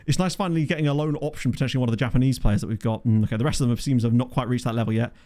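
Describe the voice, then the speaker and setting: A man giving casual gameplay commentary from a home desk microphone, chatty and thinking aloud, often breaking into excited exclamations. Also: mid-range voice, racing. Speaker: game commentator.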